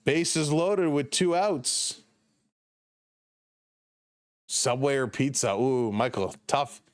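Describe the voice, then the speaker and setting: A man's voice: mid-range voice, slow, dry recording. Tired Canadian man calling the game live. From Toronto, Canada. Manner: chatty, greets viewers by name, shifts between calm and excited. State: tired, up past bedtime. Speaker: livestream play-by-play host. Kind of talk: casual play-by-play commentary with chat replies.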